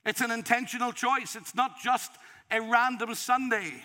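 A man preaching with a very high, forceful, bright voice, pleading and emotional. He delivers an impassioned sermon to his congregation in a church, pressing each point with emphasis. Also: fairly even intonation, moderate pace, big-room sound. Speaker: pastor. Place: church in the city.

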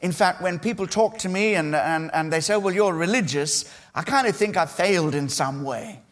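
A man's voice: high-pitched, lively intonation. Earnest male pastor preaching a sermon. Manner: earnest, emphatic preaching with measured pauses.

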